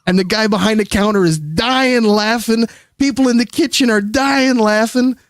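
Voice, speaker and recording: A man's voice: high voice, moderate pace, few pauses, no echo, studio quality. A man casually telling a long, rambling, profane story as a guest on a livestream. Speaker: streamer guest.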